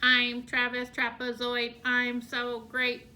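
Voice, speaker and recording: A woman's voice: a little high, slow pace, full character voice, rough recording. A woman doing a chanting robot trapezoid. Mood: robotic chant. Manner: flat, evenly chopped robot chant. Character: stiff robot-voiced trapezoid shape character.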